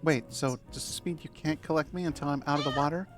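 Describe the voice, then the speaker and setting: A man squeaking as a gleeful little duckling. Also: fast talker, over music, natural voice. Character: excitable little duckling, playful and stubborn. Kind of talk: voicing video game dialogue aloud.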